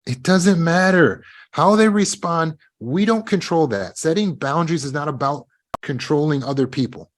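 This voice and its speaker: In a live online session, a man with a fairly high voice and lively intonation teaches self-help at a normal speed. He's emphatic, speaks straight to his students, and voices the characters in his examples.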